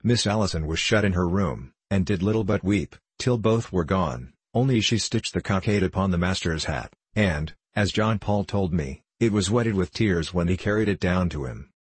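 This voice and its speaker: A man reading a classic novel aloud in a measured storytelling manner. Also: low voice, slightly rough, dry recording. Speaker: audiobook reader. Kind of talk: scripted narration of a classic novel.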